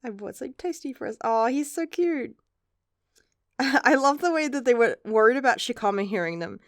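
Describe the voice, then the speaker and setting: A woman's voice: fairly high pitch, moderate pace, no room sound, clean studio sound. Chatty woman rambling through a review. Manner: chatty, rambling, swears casually. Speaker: manga reviewer. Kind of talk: casual chapter review.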